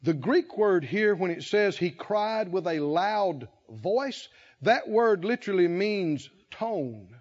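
A man preaching a sermon at a conference, telling a Bible story with rising fervor and shouted lines. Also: sits high, lively intonation, slow, dull audio. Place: church conference hall.

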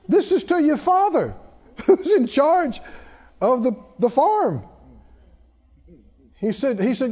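High-voiced, lively male preacher. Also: slow pace, pauses often, husky. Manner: call-and-response, animated, laughs often. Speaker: pastor. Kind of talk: sermon. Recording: dull echoey hall recording.

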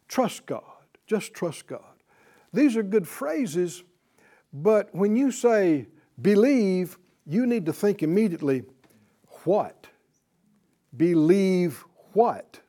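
A man with a high, mellow voice teaches a Bible class at an unhurried pace. He presses his points with emphasis, circles back to repeat them, and keeps firing questions at his students.

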